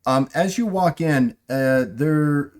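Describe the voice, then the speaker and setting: A man's voice: a little high, slow. A man narrating as game master, rambling with fillers and restarts as he sets scenes.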